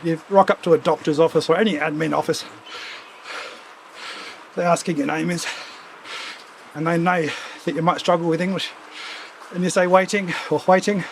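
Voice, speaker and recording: Riding a home trainer while hosting a cycling ride-along stream, a man with a cold-induced runny nose chats casually and rambles off into asides. His gravelly voice is fairly high and steady at a normal speed, with frequent pauses. The audio is poor, with slight background noise.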